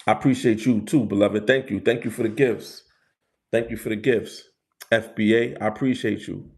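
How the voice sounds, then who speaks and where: A man's voice: on the low side, steady tone, moderate pace, a little mellow. A man from the Bronx with a New York accent, chatting casually with viewers on his livestream, repeating phrases and talking in street slang. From New York City, the Bronx. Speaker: livestream host.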